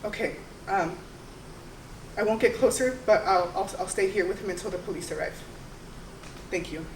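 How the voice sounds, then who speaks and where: A woman voicing a grieving young Mexican American woman who talks in halting, stammering repeats. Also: medium pitch, background noise, close to an everyday voice. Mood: shaken. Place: theater stage. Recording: roomy live stage sound from far off.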